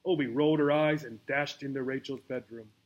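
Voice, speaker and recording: A man's voice: mid-range voice, steady tone, brisk, lo-fi sound. Man reading a children's book aloud. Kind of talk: storybook read-aloud.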